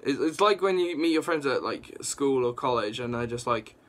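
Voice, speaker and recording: A young man casually reviewing a comic book, rambling and excitable, with lots of fillers and restarts. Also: medium pitch, normal speed. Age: young adult.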